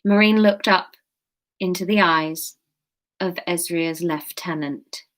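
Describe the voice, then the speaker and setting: A woman's voice: lowish voice, takes it slowly, fairly bright tone. A woman hosting an interactive live-stream story, reading it aloud and breaking off for chatty asides to viewers. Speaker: host and storyteller.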